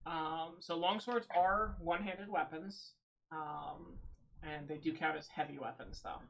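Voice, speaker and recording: A woman's voice: low-pitched, fairly even intonation, unhurried, creaky, fairly bright tone, slight background noise. A woman narrating as game master of a tabletop roleplaying game, hesitant with many ums and frequent laughter.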